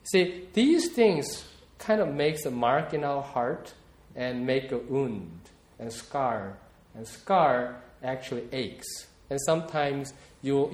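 Slow, reflective male preacher in an echoey room. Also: mid-range voice. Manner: reflective, personal, repeats words while searching for them. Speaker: pastor. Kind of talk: sermon.

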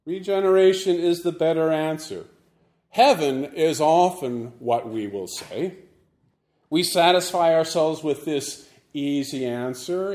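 A man preaching a Sunday sermon as the church's pastor, measured and deliberate with touches of dry humor. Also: on the high side, a little mellow, reverberant.

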